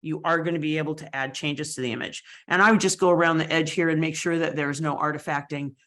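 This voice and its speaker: A woman's voice: deep voice, steady tone, fast talker, a bit bright. A woman instructor walking through a photo editing tutorial in a chatty, explanatory way, with fillers and asides. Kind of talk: screen-share software tutorial.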